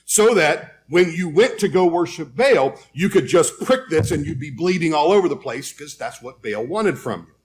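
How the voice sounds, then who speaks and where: A man delivers a sermon, retelling scripture in an easy, storytelling voice. His pitch sits slightly above the usual for a man. He reads verses aloud between casual asides. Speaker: preacher.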